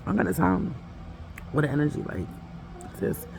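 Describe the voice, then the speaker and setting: A woman's voice: sits low, moderate pace, gravelly, darkish tone, slight background noise. A woman vlogging casually from home, rambling and chatty, breaking off to talk to her toddler. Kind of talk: casual vlog chat.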